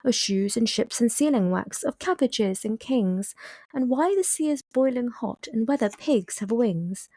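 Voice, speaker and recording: A woman's voice: a little high, expressive, a little slow, mellow, no echo, studio quality. Woman putting on a chatty storybook walrus. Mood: genial. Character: pompous talkative male walrus.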